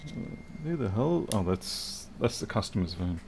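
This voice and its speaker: A man's voice: fairly low pitch, very animated, moderate pace, creaky, a little mellow, a little hiss or hum. A man thinking aloud and muttering to himself as he works through a live repair stream. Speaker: electronics repair technician.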